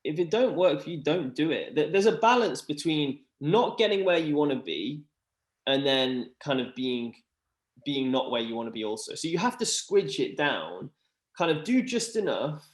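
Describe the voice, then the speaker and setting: A man chatting earnestly about mental health, rambling with lots of fillers. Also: a little high. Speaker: podcast guest. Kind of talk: casual chat. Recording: roomy echo.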